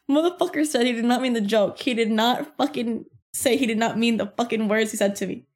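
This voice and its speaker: A young woman hosting a podcast, telling a workplace story in a casual, profane and animated way. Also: a little high, a little fast. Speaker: podcast host.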